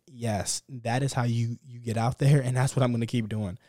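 A young solo podcast host speaks a little fast with hardly any pauses, his mellow, medium-pitched voice close to the mic and free of echo. He talks unscripted from the heart, casual, upbeat, motivational and repetitive.

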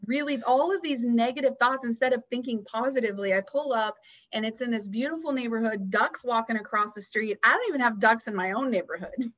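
A woman's voice: a little high, a little fast, muffled recording. Earnest woman telling a faith story. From Houston area, US. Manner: earnest, animated storytelling with acted quotes. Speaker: guest, founder of a nonprofit. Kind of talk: podcast interview storytelling.

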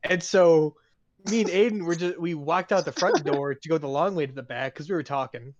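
A man's voice: fairly high pitch, brisk, no room sound. A young man co-hosting a podcast, telling stories about himself in a laid-back, self-mocking way with lots of swearing. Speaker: podcast co-host. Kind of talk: casual chat. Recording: muffled, slightly lo-fi.

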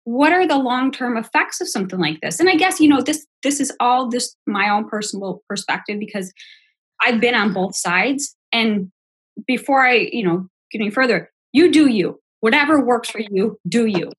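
Husky-voiced middle-aged woman, reflective. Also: a little high, animated, normal speed. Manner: reflective, asks rhetorical questions. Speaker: podcast co-host. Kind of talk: casual chat.

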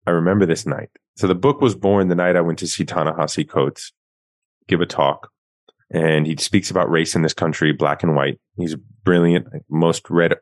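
Deep-voiced man telling stories animatedly. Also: dry recording. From Queens, New York. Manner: animated, self-mocking storyteller. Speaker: guest author. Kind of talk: storytelling in a casual interview.

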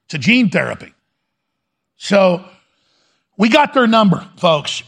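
A man's voice: sits high, lively intonation, normal speed, long pauses, a bit bright. A man hosting a talk show, delivering an urgent, fiery monologue full of repetition. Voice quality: gravelly. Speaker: radio talk host. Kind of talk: impassioned monologue.

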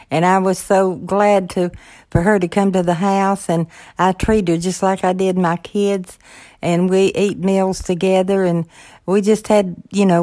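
An older woman, the host's mother, speaking gently and agreeably as she recalls good times with a friend. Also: mid-range voice, dry recording. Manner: gentle, agreeable, warm recollection. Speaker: mother of the host. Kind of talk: casual conversation.

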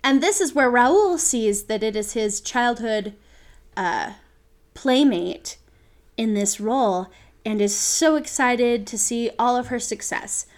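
Chatty woman with a higher voice. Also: animated, takes it slowly. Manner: enthusiastic, breaks into quoted voices. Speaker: podcast co-host. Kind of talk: casual chat retelling a musical's plot.

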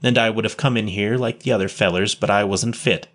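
A man reading a story, voicing a poor street boy who talks in rough slang with double negatives. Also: fairly low pitch, fairly even intonation, fairly quick, fairly bright tone. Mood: wistful, eager. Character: ragged, shy street boy, near twelve.

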